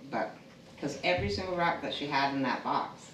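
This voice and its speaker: A man telling a family oral history in a halting way, full of restarts and trailing fillers, and sometimes dropping to a soft hush. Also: on the high side, lively intonation. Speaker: family storyteller. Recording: echoey room with faint background noise.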